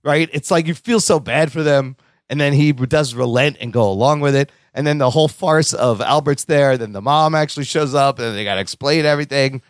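A man co-hosting a casual film review chat, enthusiastic and quick to quote favorite lines. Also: mid-range voice, no room sound, clean studio sound. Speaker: podcast co-host.

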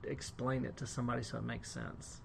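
Creaky-voiced male co-host, chatty and joking. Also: medium pitch, little pitch movement, fairly quick, a little hiss or hum. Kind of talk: casual podcast conversation.

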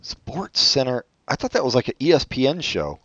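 A man co-hosting a podcast, chatting casually with sardonic, deadpan asides. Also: mid-range voice, normal speed, no room sound, highs cut off. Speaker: podcast co-host. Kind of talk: casual chat.

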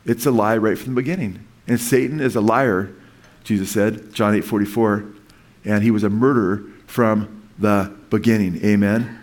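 A man's voice: lowish voice, normal speed, darkish tone. A man preaching a sermon in an earnest, rambling way, with frequent restarts and asides to his listeners. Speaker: pastor.

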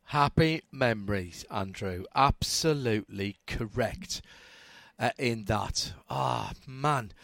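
A man's voice: mid-range voice, dry recording. Rambling male radio host, dry voice. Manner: rambling, warm storytelling with many restarts. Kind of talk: casual chat.

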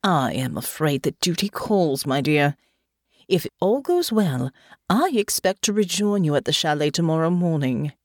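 A woman reading an audiobook, voicing a pompous, scheming male nobleman in a lowered voice. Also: expressive, a little slow, no echo, clean studio sound. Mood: haughty. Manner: haughty, sniffing.

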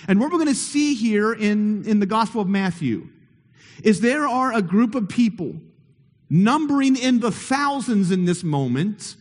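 A man preaching a sermon to his congregation in a church, playful and conversational, often asking them questions. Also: sits high. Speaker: pastor. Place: church sanctuary. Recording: long hall reverb.

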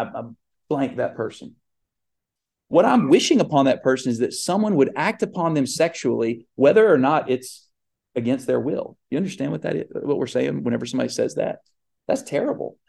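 Gravelly-voiced pastor preaching. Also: male voice, mid-range voice, darkish tone. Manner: conversational, asks the congregation questions. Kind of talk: sermon.

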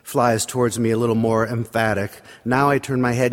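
A man's voice: medium pitch, steady tone, fairly quick. A man preaching in a church, telling a wry, self-deprecating personal story. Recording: long hall reverb.

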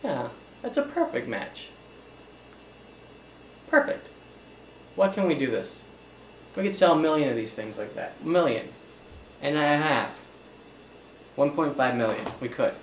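A man's voice: on the high side, very animated, unhurried, pauses often, echoey room, a little hiss or hum. A young man playing a flustered, apologetic accountant in an improvised comedy scene.

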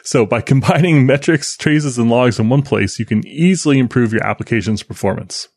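A man co-hosting a tech podcast, talking in a rambling, enthusiastic, halting way. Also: medium pitch, a little mellow, no room sound, clean studio sound. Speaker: podcast co-host. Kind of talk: casual chat.

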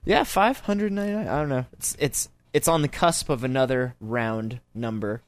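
A man's voice: medium pitch, normal speed, no room sound. A man hosting a podcast in casual chat, joking, swearing freely and laughing often. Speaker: podcast host.

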